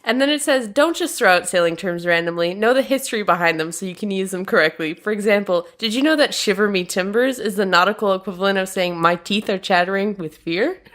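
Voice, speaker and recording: A woman co-hosting a casual comedy podcast with a voice of middling pitch. She teases her co-host in a wry way and reads passages of text aloud in the same easy manner. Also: fast, hardly any pauses, a bit bright.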